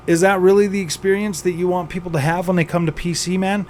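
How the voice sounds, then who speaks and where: A man's voice: sits high, little pitch movement, fast talker, a little mellow, slight background noise. A man hosting a gaming channel, venting with exasperation, sighing and repeating himself as he rants. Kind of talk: frustrated venting vlog.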